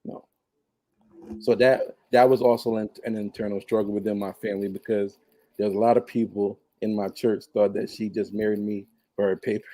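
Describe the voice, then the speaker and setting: Guy telling a story on a podcast, lowish mellow voice, dry close sound, laughs a lot. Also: normal speed, no room sound. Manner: animated storyteller, laughs often, mimics voices. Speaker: podcast guest. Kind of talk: casual storytelling.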